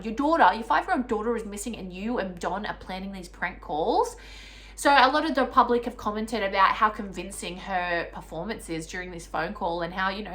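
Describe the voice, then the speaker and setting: A woman's voice: on the high side, fairly bright tone. Earnest woman, true crime talk. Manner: earnest, indignant, fillers like "you know" and "like". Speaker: true crime video host. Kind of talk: casual true crime commentary.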